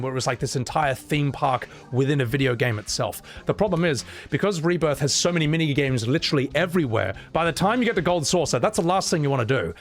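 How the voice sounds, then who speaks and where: A man hosting a casual, rambling game reaction video, offering opinions with wry humor. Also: a little high.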